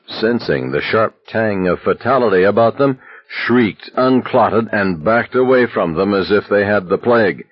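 A man narrating an audiobook in an expressive, dramatic reading style, in a slightly muffled recording. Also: sits low, no echo. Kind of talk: scripted narration.

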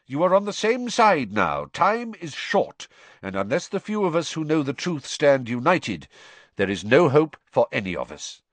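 A man voicing a wise old headmaster wizard who speaks in a measured, grave and authoritative way. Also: mid-range voice, big pitch swings, fairly bright tone, no echo, voice pushed up.

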